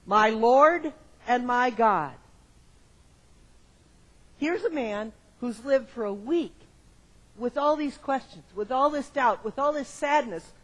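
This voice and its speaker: A male pastor giving a sermon to his congregation in a church, moving from quiet reflection to loud emphatic exclamations and repeating phrases in rhythmic lists. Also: very high-pitched, rough recording. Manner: addresses the congregation directly with questions. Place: church sanctuary.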